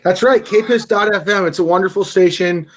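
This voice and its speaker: A man guesting on a podcast, chatting casually and prank-calling a restaurant in a deadpan, playfully demanding way. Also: high voice, brisk. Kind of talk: casual chat and prank call.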